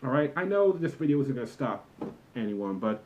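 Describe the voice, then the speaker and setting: Exasperated young man ranting, lively pitch. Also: fairly quick, a little hiss or hum, low-quality recording. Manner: exasperated, lecturing, emphatic. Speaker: vlogger, former movie theater employee. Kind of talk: comedic rant to camera.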